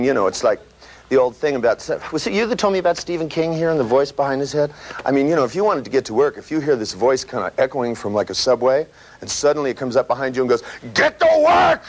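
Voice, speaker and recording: Animated, profane male seminar trainer. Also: medium pitch. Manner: animated and profane, acting out voices and sound effects. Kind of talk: live seminar lecture. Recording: noisy live seminar recording.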